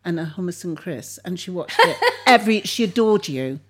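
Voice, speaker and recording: A woman co-hosting a lunch chat, chiming in with quick reactions and short anecdotes. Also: on the low side, animated. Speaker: co-host. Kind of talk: casual chat over lunch.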